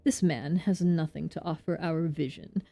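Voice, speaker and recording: A woman voicing a stern, cold male leader in a lowered voice, reading game dialogue. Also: fairly even intonation, normal speed, vocal fry, warm tone.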